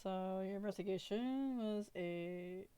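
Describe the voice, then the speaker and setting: A woman narrating a tabletop role-play game as game master, rambling with many pauses and restarts. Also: medium pitch, mellow, smooth.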